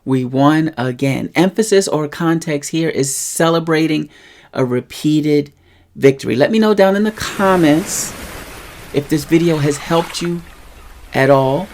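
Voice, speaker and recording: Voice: medium pitch, a little mellow, slight background noise. Explanatory language teacher in casual monologue. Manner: explanatory, checks in with the listener. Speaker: Spanish teacher.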